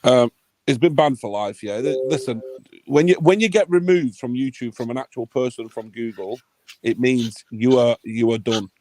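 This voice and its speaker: A man's voice: mid-range voice, moderate pace, darkish tone, dry recording. A man hosting a livestream, ranting in a heated, sweary, blunt way. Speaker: livestream host.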